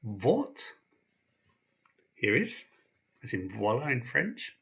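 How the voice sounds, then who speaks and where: A man teaching a language lesson, patient and slow, pausing after each sound he spells out. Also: mid-range voice, huge pitch swings, vocal fry, a bit bright, highs cut off. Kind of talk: explaining slowly, with pauses.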